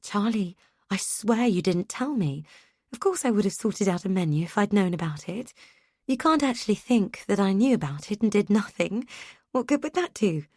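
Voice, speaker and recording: A woman's voice: mid-range voice, animated, normal speed, darkish tone, no room sound, studio quality. A woman voicing a flustered, out-of-breath spouse who pleads and defends themselves on the phone. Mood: upset, defensive.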